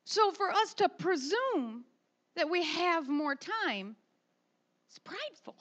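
A middle-aged woman and mother preaching a sermon, emphatic and animated, swinging from soft asides to loud pushes. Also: very high-pitched, takes it slowly, highs cut off.

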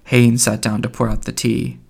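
A man narrating literary fiction for an audiobook. His voice sits at a middling pitch with a gravelly, creaky texture. He reads in a measured way and sometimes stumbles and corrects himself. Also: flat delivery, a little mellow. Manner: measured, with occasional slips. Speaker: audiobook reader.

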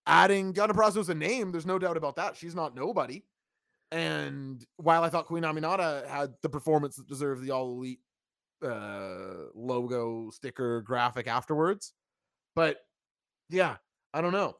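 A man's voice: fairly high pitch, normal speed, vocal fry, a bit bright, dry recording, clean studio sound. A man hosting a live wrestling review, blunt and opinionated, reading out chat comments. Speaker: wrestling review podcast host.

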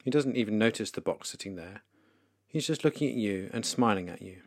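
A man leading a guided meditation for listeners, speaking slowly, calmly and softly with pauses. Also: fairly low pitch, no echo, clean studio sound. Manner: slow, calm, soft-spoken with pauses. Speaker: devotional leader.

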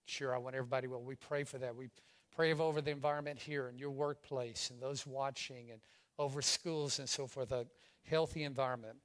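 A middle-aged pastor from Louisiana preaching a sermon, swinging from loud exclamations to hushed asides. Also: male voice, mid-range voice, fairly even intonation, fairly quick.

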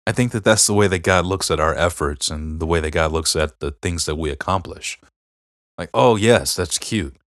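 A middle-aged man with a deep, low voice talks in a casual podcast chat. He tells family stories earnestly, rambling a little and leaning on fillers. The sound is dry and close, with no room around it. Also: fairly even intonation, brisk, a bit bright, no echo. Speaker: podcast co-host.

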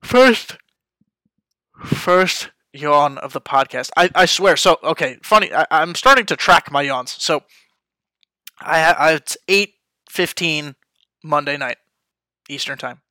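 Casual young male podcast host, off-the-cuff chatter, smooth bright tone, dry close sound. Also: a little high, unhurried, dry recording. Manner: chatty, off the cuff, frequent fillers. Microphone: headphones and studio mic.

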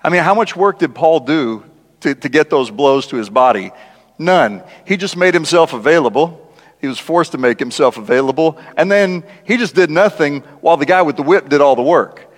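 A man preaching a conversational sermon as a guest speaker, animated and laughing often, acting out the lines he quotes. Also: fairly high pitch, normal speed. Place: large church. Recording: church hall with long reverb.

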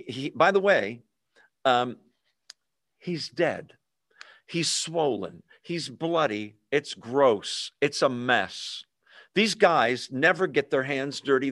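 Male pastor, slightly high voice, dry close sound, animated sermon delivery with acted-out quotes. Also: no room sound. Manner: conversational and animated, asks listeners questions.

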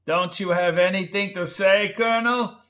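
A man's voice: sits high, animated, slow pace, voice pushed up, exaggerated voice. Man doing raging villain von Grunkel. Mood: furious. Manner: furious shouting. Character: angry raging male scientist villain.

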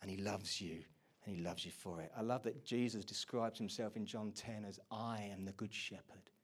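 A man preaching a sermon, moving between hushed, intimate lines and loud, energetic bursts. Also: fairly low pitch, moderate pace, husky. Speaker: pastor.

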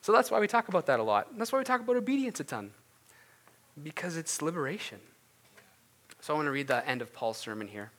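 A man preaching a conversational sermon, animated and informal, with frequent restarts and asides. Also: a little high, fast, long pauses. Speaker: pastor.

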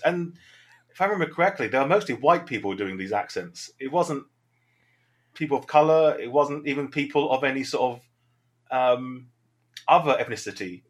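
A man with a Southern English accent, an improv teacher talking through his thoughts in a reflective, rambling interview answer. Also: medium pitch.

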